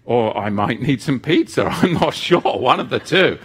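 A middle-aged man preaching a sermon, animated, moving between intense emphasis and joking asides. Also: mid-range voice, normal speed, few pauses, husky.

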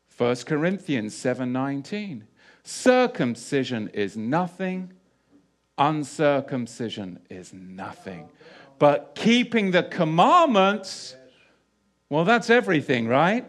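A man's voice: a little high, very animated, slow pace, fairly bright tone. A man giving an emphatic sermon who often repeats key phrases and asks rhetorical questions. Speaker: Bible teacher.

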